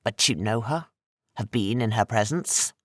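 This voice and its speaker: A man voicing an ancient, menacing sorcerer with slow, heavy, rasping speech for an audiobook. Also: lowish voice, fairly bright tone, dry recording, studio quality.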